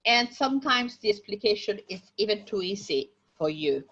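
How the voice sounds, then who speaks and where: A woman teaching an English class online, talking slowly with many pauses and fillers. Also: mid-range voice, lively intonation, fairly bright tone, husky, faint music behind. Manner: slow, hesitant, many fillers. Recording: dull lo-fi audio.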